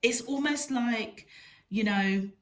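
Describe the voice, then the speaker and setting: A woman giving a spiritual tarot reading, slow and emphatic, repeating words for stress. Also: on the high side. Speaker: tarot reader.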